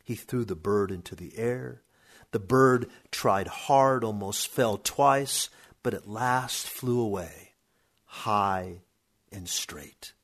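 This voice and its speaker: A man reading a story aloud in a steady, measured narration. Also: fairly low pitch.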